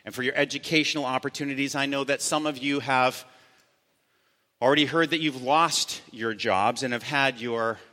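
A man preaching a sermon as pastor, earnest, slowing down to stress key words. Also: mid-range voice, sharp tone. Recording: long church reverb.

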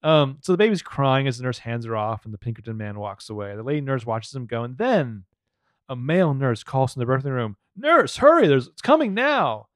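A man's voice: medium pitch, fairly quick, no room sound, clean studio sound. A man bantering on a podcast, joking and often slipping into silly put-on voices. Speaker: podcast co-host. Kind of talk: casual banter.

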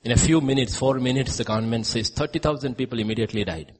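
A male preacher delivering a sermon, telling stories and swinging between loud emphasis and hushed lines. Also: medium pitch, quick pace, a little hiss or hum.

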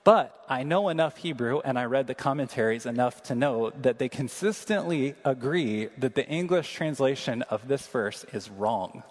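A man preaching an earnest, emphatic sermon, slowing down to read scripture aloud. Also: medium pitch, animated. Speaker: pastor. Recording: long reverb of a large hall.

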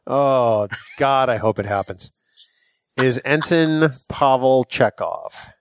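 A man's voice: medium pitch, takes it slowly, clean tone, no echo. Wry man with blunt opinions. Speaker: podcast co-host. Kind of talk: casual fan discussion.

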